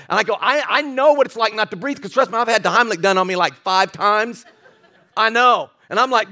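A man's voice: high-pitched, fairly quick, sharp tone. An older man preaching a sermon in a folksy, joking way, often restarting his sentences. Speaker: pastor.

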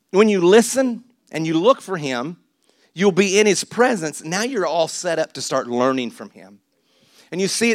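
A male pastor preaching a sermon, swinging between loud exhortation and quiet asides with laughter. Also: high voice, no echo, studio quality. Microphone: handheld or stage mic.

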